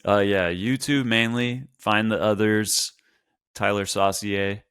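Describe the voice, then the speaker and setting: A man's voice: fairly low pitch, fairly even intonation, slow pace, fairly bright tone, clear, resonant tone, no room sound. A man talking as a podcast guest, thoughtful and rambling, full of "like" and "um.". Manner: thoughtful, rambling, filler-heavy. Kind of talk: casual podcast conversation.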